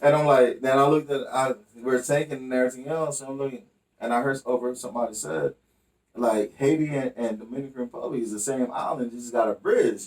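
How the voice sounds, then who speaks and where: A man in relaxed podcast banter, spinning profane stories and tossing in "you know what I mean" again and again. His voice sits at an ordinary middle pitch. He sounds a little away from the microphone. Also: fairly quick, recorded from a distance. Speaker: podcast co-host. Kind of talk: casual chat.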